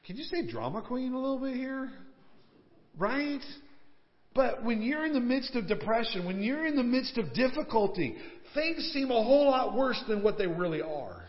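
A pastor delivering a conversational, emphatic sermon in a church. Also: male voice, very high voice, very animated, normal speed. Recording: reverberant hall, dull lo-fi sound.

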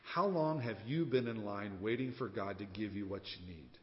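A man preaching a sermon as a pastor, telling a story and acting out the voices in it with lively swings in loudness. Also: fairly low pitch, moderate pace, background noise. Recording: dull sound with long reverb.

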